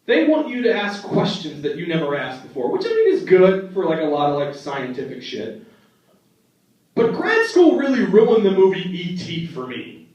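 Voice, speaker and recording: A young man works a comedy club stage with animated storytelling, his fairly high voice jumping around as he slips into quick impressions of family members. The sound is dull and heard from a distance, with heavy room echo around it. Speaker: stand-up comedian. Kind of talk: stand-up comedy set. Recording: echoey, dull club recording from the back.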